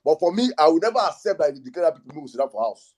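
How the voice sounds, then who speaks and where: Mellow-voiced man hosting a live audio room. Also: fairly high pitch, rapid-fire. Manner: soothing, repeats calming phrases. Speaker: host. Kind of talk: live audio space discussion.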